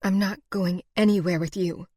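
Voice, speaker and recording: A woman's voice: mid-range voice, fairly even intonation, moderate pace, no room sound, clean studio sound, pitched above the performer's own voice, lightly acted. Woman voicing a defiant young frontier wife. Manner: heated and forceful.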